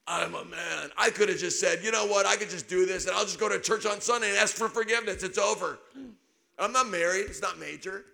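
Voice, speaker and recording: A middle-aged man preaching a sermon, telling a personal story with animated delivery and sudden shouts. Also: high-pitched, brisk, creaky.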